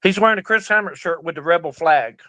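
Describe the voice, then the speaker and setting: A man's voice: a little high, quick pace, sharp tone, dry recording. A middle-aged man, a veteran wrestler, telling stories in a casual interview, profane and rowdy, acting out the voices of the people he quotes. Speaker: guest, veteran pro wrestler.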